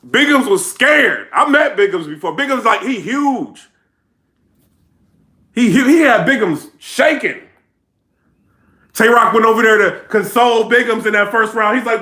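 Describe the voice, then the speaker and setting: A man with a strikingly high, tense voice gives a casual vlog rundown of the action, talking in slang and slipping into imitations of the people involved. The room around him is hard and echoey. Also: a little slow, pauses often. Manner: animated storytelling, slangy, mimics people he describes. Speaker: battle rap commentator.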